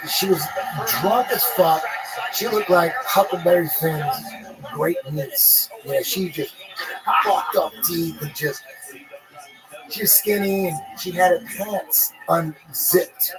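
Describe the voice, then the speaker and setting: A man's voice: fairly high pitch, low-quality recording. A man guest on a podcast, telling a rambling, profane story in a laid-back, casual way.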